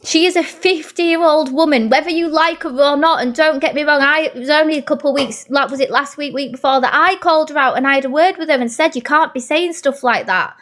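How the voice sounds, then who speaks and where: A woman's voice: high voice, fast, few pauses, fairly bright tone. A woman with a British accent ranting angrily on a live stream, swearing bluntly and answering her viewers' comments. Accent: British English. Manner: blunt, heated, swears often; addresses her viewers and reads their comments.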